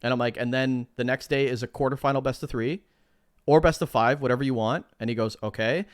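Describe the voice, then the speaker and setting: A man's voice: medium pitch, steady tone, a little fast, no room sound, clean studio sound. A man co-hosting a casual podcast, telling stories animatedly, acting out both sides of conversations and swearing freely. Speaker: podcast co-host.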